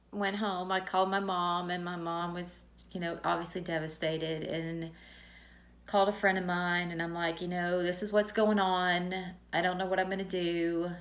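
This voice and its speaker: A woman's voice: fairly low pitch, gravelly, fairly bright tone. A middle-aged woman candidly telling a personal story in a vlog, retelling conversations as she goes. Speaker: teacher.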